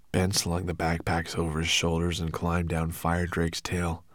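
Low-voiced man reading a storybook. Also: moderate pace, few pauses, no room sound, clean studio sound. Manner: expressive storytelling. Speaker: narrator. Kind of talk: audiobook narration.

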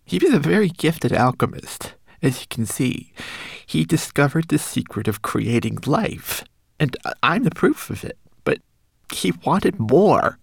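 A man voicing a small, timid male homunculus servant in a high, quavering, pleading voice, as an audiobook character. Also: sing-song, measured pace, creaky, breathy edge, no echo, heavily acted. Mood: anxious, explaining.

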